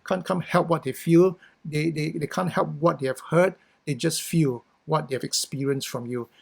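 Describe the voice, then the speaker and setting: A man's voice: a little high, vocal fry. A middle-aged man with a Singaporean English accent, giving a conversational workshop talk with frequent "you know" and "right?". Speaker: workshop speaker. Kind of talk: talk on communication.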